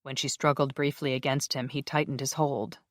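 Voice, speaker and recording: Even, measured romance audiobook narration. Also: mid-range voice, no echo. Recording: dry close studio recording.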